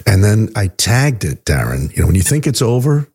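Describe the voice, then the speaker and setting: Very deep, husky man, mocking and profane. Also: moderate pace. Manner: profane, mocking, stammers when excited. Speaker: podcast co-host. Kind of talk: crude casual commentary.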